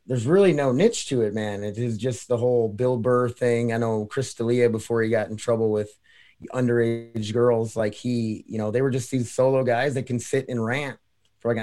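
A man's voice: mid-range voice, a little mellow. A man hosting a casual podcast, rambling and swearing loosely as he tells stories. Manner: rambling, profane, loose storytelling. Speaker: podcast host.

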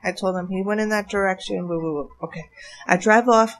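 A woman, a former bartender, telling a story in casual chat, animated and laughing as she goes. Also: medium pitch, brisk.

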